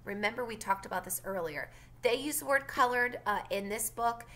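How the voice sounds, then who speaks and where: A woman teacher reading a novel aloud for her class, pausing for brief explanations. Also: a little high, sharp tone.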